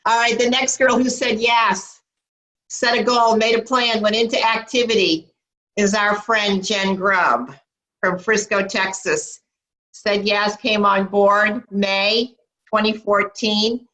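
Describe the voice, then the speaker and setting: Bright woman hosting a team video call. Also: mid-range voice, steady tone, slow, low-quality recording. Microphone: computer mic on video call.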